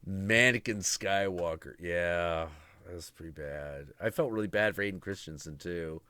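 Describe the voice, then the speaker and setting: A man's voice: low-pitched, moderate pace, sharp tone, clean tone, no echo. A man hosting a casual live stream, rambling sarcastically and swearing constantly while mocking film characters. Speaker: podcast host. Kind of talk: profane casual stream chat.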